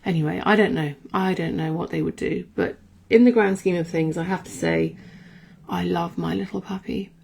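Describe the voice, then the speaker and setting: A woman hosting a podcast who muses aloud in a rambling, reflective way and keeps correcting herself as she goes. Her voice is lowish and gravelly with vocal fry. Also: fairly even intonation, normal speed, a little mellow. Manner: rambling, musing, self-correcting. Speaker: podcast host. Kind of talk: reflective casual monologue.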